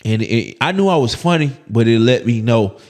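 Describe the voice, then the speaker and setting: A comedian from Birmingham, telling stories in a casual interview, full of restarts and laughter. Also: male voice, mid-range voice, normal speed. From Birmingham, Alabama. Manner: animated, repetitive restarts, laughing as he tells stories. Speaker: comedian guest.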